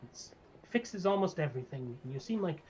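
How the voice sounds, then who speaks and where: A man's voice: a little high, expressive, a little fast, a little mellow, lightly acted. A man voicing a fussy little male gnome barber who rambles eagerly and a bit creepily. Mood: fawning. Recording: slightly dull lo-fi mic, faint noise.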